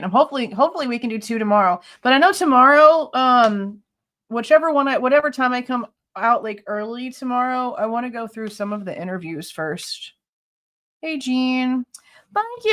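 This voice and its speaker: A woman's voice: fairly high pitch, a bit bright. A woman hosting a casual livestream, chatting with viewers and greeting them by name, laughing often. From Ohio. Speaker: livestream host.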